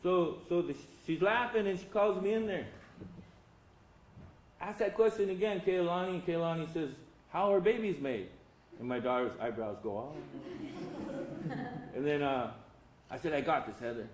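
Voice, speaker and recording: A man's voice: on the high side, moderate pace, long pauses. An older man telling folksy, humorous stories to an audience at a symposium and talking to them directly. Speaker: symposium speaker. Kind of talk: storytelling talk to an audience. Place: lecture hall. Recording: roomy hall sound, faint ambience.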